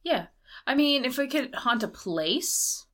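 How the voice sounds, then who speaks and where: A bright, sharp-toned woman in her thirties chats casually as a podcast cohost. She rambles through her thoughts, padding them with constant fillers. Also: high voice, very animated, takes it slowly. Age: 30s. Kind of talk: casual chat.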